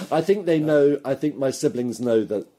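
A man's voice: on the high side, sing-song, slow pace, mellow. A man, a novelist being interviewed, talking in a thoughtful, detailed way and laughing easily. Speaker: novelist guest. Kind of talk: interview conversation.

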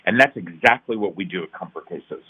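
A man's voice: low-pitched, lively intonation, a little fast, husky. Earnest man on a tinny phone line. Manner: earnest, emphatic, building to rousing peaks. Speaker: nonprofit founder. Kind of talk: impassioned storytelling in interview.

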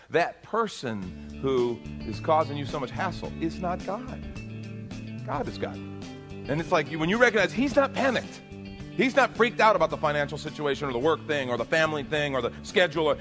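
A man preaching as a pastor, dropping to soft, hushed lines and rising to loud emphasis. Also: fairly high pitch, long reverb tail. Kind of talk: sermon.

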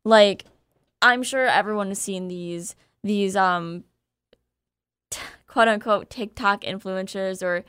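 A woman's voice: medium pitch, slow, long pauses, fairly bright tone, smooth, no room sound, studio quality. A woman talking frankly and animatedly in a casual podcast chat, swearing freely.

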